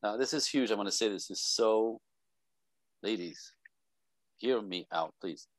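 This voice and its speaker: A man's voice: lowish voice, unhurried, no room sound. A man who is a podcast guest on a video call gives passionate, rambling relationship advice with frequent sighs. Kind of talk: casual advice talk.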